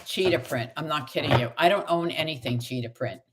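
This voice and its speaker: A woman's voice: low-pitched, brisk, very noisy. A middle-aged woman, a tarot reader, chatting on a live stream and telling stories while she acts out the quoted lines. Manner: animated storytelling, acts out quoted dialogue. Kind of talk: live-stream chat with viewers.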